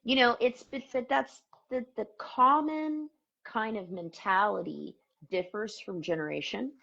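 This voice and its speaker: A woman's voice: fairly high pitch, a little slow, creaky, sharp tone, lo-fi sound. A woman from the Midwest co-hosting a casual chat, folksy and talkative, laughing easily, heard over a video call. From American Midwest. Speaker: co-host.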